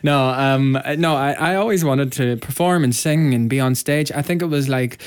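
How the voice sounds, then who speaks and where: A man's voice: mid-range voice, normal speed, smooth. An Irish man co-hosting a podcast in casual chat, telling stories with a chatty, self-mocking manner and easy laughs. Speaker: podcast co-host, musical theatre performer.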